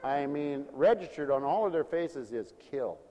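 A man's voice: fairly high pitch, animated, normal speed, mellow, long reverb tail. A man preaching a folksy sermon, playful and sing-song, acting out little everyday scenes.

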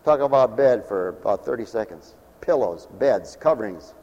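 A male preacher delivering an animated, joking sermon, swinging between loud calls and hushed asides. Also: fairly low pitch, moderate pace, dull audio, a little hiss or hum. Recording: long hall reverb.

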